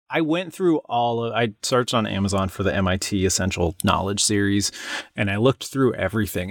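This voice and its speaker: A man with a low, gravelly voice talks in a loose, rambling way. He often restarts sentences and laughs between thoughts. The sound is dry and close. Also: no room sound. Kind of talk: casual chat.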